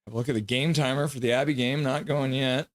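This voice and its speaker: A man hosting a live hockey reaction stream, calling plays and reading out chat messages with excitement. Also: mid-range voice, fast talker, no echo, clean studio sound. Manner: excitable, chatty, reads chat aloud.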